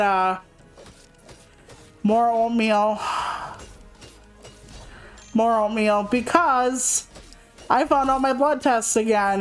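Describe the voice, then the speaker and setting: A woman's voice: fairly high pitch, rough recording. A young woman streaming a game, chatting casually and candidly, rambling and swearing freely. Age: young adult. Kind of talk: casual gaming stream chat. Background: faint game music.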